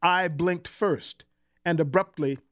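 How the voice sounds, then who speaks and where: A man's voice: fairly high pitch, a bit bright. Man reading a personal story. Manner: measured, wry, reflective. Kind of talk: literary first-person narration.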